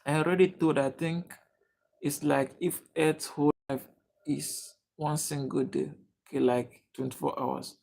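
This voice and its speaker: Nigerian male stream host, casual and talkative, fairly high voice, keeps welcoming chat. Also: fairly even intonation, a little slow, vocal fry, a little mellow. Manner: chatty, greets viewers by name, reads chat aloud. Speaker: livestream host.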